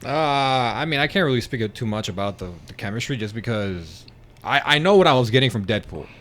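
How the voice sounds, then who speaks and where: A young man joining a podcast conversation as a guest, speaking casually in a hesitant, low-key way. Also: lively intonation, fairly quick, a bit bright. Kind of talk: casual chat.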